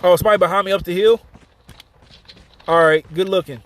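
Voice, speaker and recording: A man's voice: high-pitched, fairly even intonation, a little fast, a bit bright. A man streaming a game live, chatting casually with viewers and telling a story between plays. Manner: casual, chatty, retells a story while playing and thanking viewers.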